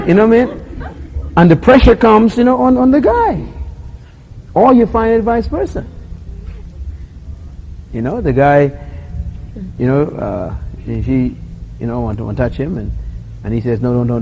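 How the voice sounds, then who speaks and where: A man with a fairly high voice preaches on love in a chatty, animated way, playing out small scenes and quoting as he goes. He chuckles frequently while making his points and keeps asking the audience questions. The sound is lo-fi, carrying a slight hiss or hum.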